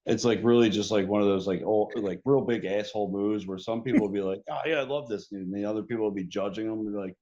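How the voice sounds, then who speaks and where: A man's voice: fairly low pitch, steady tone, quick pace, hardly any pauses, dark tone, highs cut off. A man co-hosting a wrestling podcast, talking casually and rambling with lots of "like" and swearing. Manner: rambling, profane, heavy filler "like". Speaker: podcast co-host. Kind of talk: casual chat.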